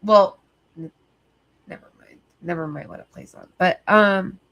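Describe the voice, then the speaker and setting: A woman's voice: fairly low pitch, unhurried, fairly bright tone. Sleepy, rambling woman livestreamer. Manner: rambling, filler-heavy, profane. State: sleepy, tired. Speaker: livestream host. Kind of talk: casual livestream chat.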